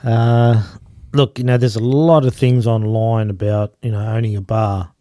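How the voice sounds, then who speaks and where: Mellow-voiced man telling bar stories. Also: on the low side, steady tone, moderate pace, dry recording, studio quality. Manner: chatty, laughs at his own stories. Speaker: guest, former bar owner. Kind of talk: casual storytelling chat.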